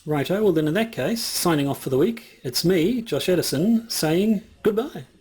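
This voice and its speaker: A man with a fairly high, animated voice, a little mellow with a breathy edge, speaks at normal speed. He co-hosts a podcast, chatting casually in a rambling, hesitant style with lots of fillers and restarts.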